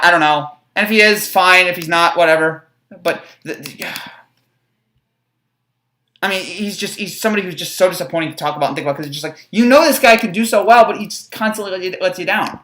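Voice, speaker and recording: A woman's voice: on the low side, quick pace, pushed and bright. Frustrated young woman ranting in an echoey room. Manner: frustrated, rambling, stammering restarts. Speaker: sports fan vlogger. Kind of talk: fan reaction rant.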